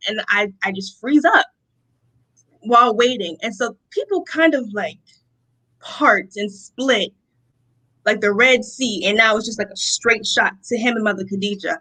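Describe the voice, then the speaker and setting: A young woman from Rochester, New York, giving a personal testimony as an interview guest, telling her story in an animated way and acting out the lines of the people in it. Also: mid-range voice, normal speed, rough recording. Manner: animated storytelling, acts out quotes, laughs often.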